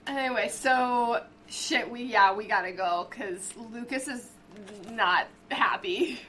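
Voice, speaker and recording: A woman playing a tabletop game, casual and excitable. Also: on the high side, measured pace, slight background noise. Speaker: player.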